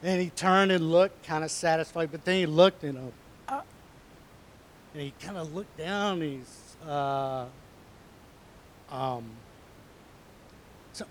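A man, a pastor, telling a Bible story to children in a conversational, animated way, with hushed asides. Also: fairly high pitch, slow, long pauses, slight background noise.

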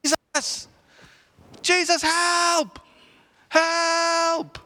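Man putting on a frantic high-voiced father. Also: steady tone, moderate pace, bright, forceful tone, full character voice. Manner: high, cries out in pleading. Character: frantic father begging for help.

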